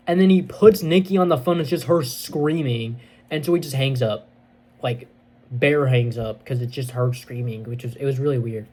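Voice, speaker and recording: A man reviewing a movie, retelling the plot in a casual, excitable, rambling way with many fillers. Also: mid-range voice, normal speed.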